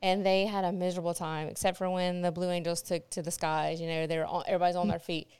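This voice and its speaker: A woman co-hosting a casual chat, rambling through stories with fillers and easy laughter. Her voice is very smooth and resonant, and the recording is dry and close. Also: lowish voice, level tone, fast talker, a little mellow, no room sound. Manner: chatty storyteller, frequent fillers and laughter. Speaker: podcast co-host.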